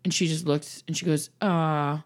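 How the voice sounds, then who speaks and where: A woman's voice: on the low side, fast. A woman in her thirties telling a family story in casual chat, acting out the voices of the people in it. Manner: animated storyteller who acts out voices.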